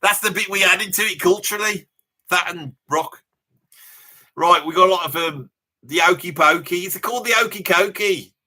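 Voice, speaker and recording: A man's voice: high voice, moderate pace, bright, forceful tone, full character voice. A man with a Birmingham accent voicing a boastful older rocker who rambles through tall tales in a comic live reaction, full of asides and mock indignation. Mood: rambling. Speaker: live reaction streamer in character.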